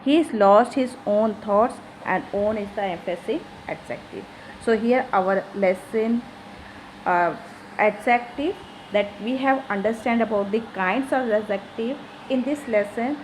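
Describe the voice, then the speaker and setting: A woman's voice: medium pitch, measured pace, slight background noise, low-quality recording. A woman teacher, explaining grammar to schoolchildren in an online class, repeating each example sentence. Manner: addresses pupils directly as children.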